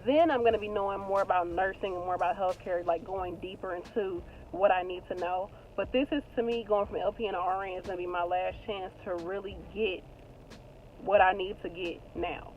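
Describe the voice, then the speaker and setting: A woman in her thirties, a nurse vlogger, talking casually and warmly to her viewers in an animated, slangy way. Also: mid-range voice, brisk, dull audio, slight background noise. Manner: chatty, animated, slangy and heartfelt. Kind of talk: casual vlog talk to viewers.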